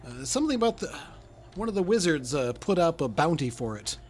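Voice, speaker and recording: A man narrating a tabletop game as game master, in a halting way full of hesitations. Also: on the high side, big pitch swings, darkish tone, soft background music. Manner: halting, lots of uh's and restarts.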